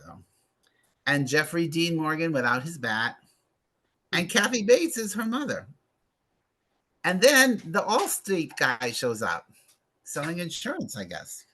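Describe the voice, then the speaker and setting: A man's voice: medium pitch, pushed and bright. A man hosting a casual movie club chat, gossiping and making sarcastic asides about a film and its cast.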